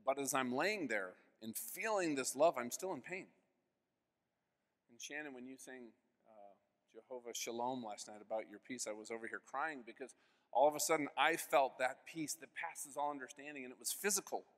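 A man in his fifties giving an earnest personal faith testimony as keynote speaker, telling his story with sudden swings between hushed and loud. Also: medium pitch, normal speed. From United States. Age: 50s. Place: large convention hall. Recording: long hall reverb.

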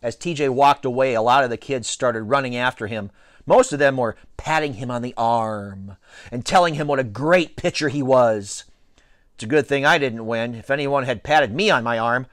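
A man reading a children's novel aloud with an expressive, playful storytelling delivery. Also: medium pitch, normal speed, no room sound, studio quality. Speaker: reader.

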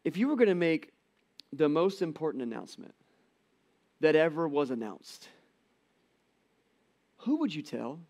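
A middle-aged man giving a conversational church sermon, telling the story with animated quoted voices. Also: fairly high pitch, measured pace, pauses often. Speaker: pastor. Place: church auditorium.

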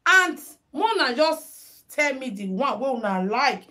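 A woman's voice: sits high, slow, sharp tone. A Nigerian woman hosting a live headwrap tutorial stream, chatting casually with viewers and mixing in Pidgin. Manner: chatty, mixes Pidgin, greets viewers by name. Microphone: phone.

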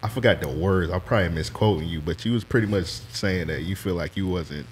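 A man's voice: deep voice, brisk, slight background noise. A man hosting a podcast, asking easygoing questions in a casual interview chat. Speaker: podcast host.

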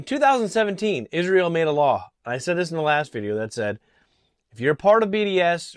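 A man from Connecticut giving an indignant political opinion monologue, halting and restarting often, clearing his throat from allergies. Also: medium pitch, dry recording, clean studio sound. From Connecticut, USA. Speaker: political vlogger. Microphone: small camera mic.

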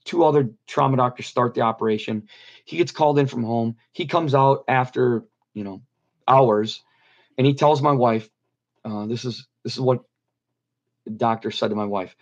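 A man's voice: mid-range voice, moderate pace. Earnest man in a muffled interview. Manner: earnest, repeats phrases for emphasis. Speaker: guest telling his near-death story. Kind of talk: personal testimony in an interview.

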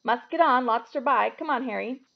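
A woman reading aloud and voicing a big, good-natured giant of a man who talks loudly and folksily. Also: very high voice, fairly quick, creaky, dull audio. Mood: hearty. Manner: loud, hearty and folksy.

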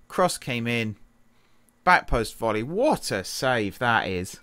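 Casual man commentating a football game. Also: dry recording. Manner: chatty, self-correcting, quick laughs, shifts from excited to low mutters. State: tired from an early start. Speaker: gaming streamer.

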